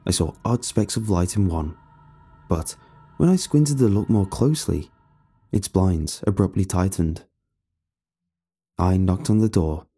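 A man narrating a scripted first-person horror story in a measured storytelling delivery. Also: deep voice, mellow, slightly rough.

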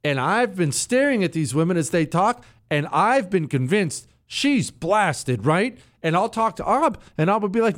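A man hosting a talk radio show, sarcastic and chatty, often jumping into a mocking high pitch. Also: sing-song, a little slow, few pauses, no room sound. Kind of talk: casual talk radio commentary.

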